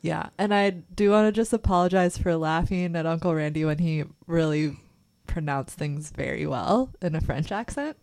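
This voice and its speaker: Female radio co-host, warm low voice, dry studio sound, giggly and teasing. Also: moderate pace, few pauses, no echo. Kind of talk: casual radio banter.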